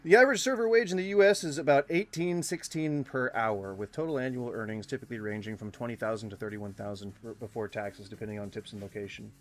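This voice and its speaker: A man with a medium-pitched voice talks fast, with few pauses, while streaming casual commentary as he reacts to videos. He rambles and cuts himself off mid-thought, keeping things animated.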